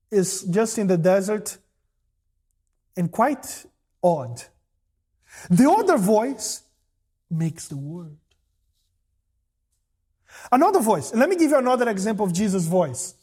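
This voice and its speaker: Husky-voiced preaching man, highly animated. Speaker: pastor. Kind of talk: sermon.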